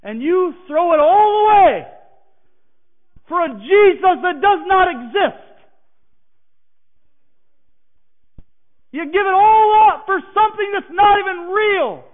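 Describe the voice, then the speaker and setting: A man's voice: very high-pitched, expressive, moderate pace, long pauses. A preacher voicing a bitter, scornful young man who mocks faith, in a tinny phone-like recording. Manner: mocking, defiant.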